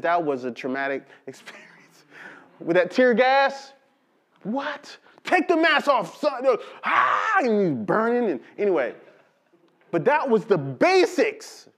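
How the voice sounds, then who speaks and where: A man preaching a sermon, reading scripture slowly and telling lively stories with call-and-response. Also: sits high, lo-fi sound. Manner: animated storytelling with call-and-response to the congregation; slow, drawn-out emphasis on scripture. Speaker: pastor.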